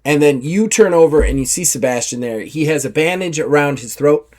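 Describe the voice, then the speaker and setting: Speaking a little fast in a fairly high voice, a man runs a tabletop game as game master, telling the action in a vivid, animated, loose way and leaning on the filler "like".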